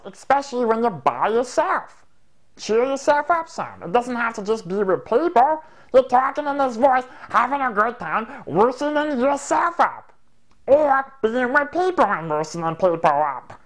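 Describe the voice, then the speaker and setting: A man putting on a silly, high-pitched, goofy voice to demonstrate talking in a funny voice, playful and exaggerated. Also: sing-song, moderate pace. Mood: cheery.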